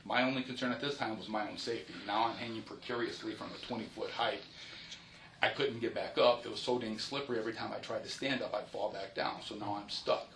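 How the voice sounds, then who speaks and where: Low, bright-voiced police supervisor recounting. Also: male voice, fairly even intonation, a little hiss or hum. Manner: detailed, halting narration with restarts and polite "yes, sir". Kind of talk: recorded investigative interview.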